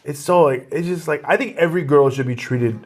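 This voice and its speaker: A man's voice: a little high, fairly quick. A man who is a comedian, chatting casually as an interview guest, telling stories with lots of restarts and laughs. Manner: laughing, rambling storyteller with many restarts.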